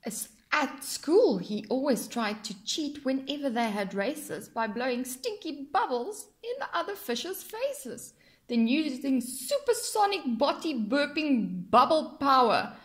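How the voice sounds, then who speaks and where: A woman reading a rhyming children's picture book aloud in an expressive, sing-song way. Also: sits high, unhurried. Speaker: storyteller.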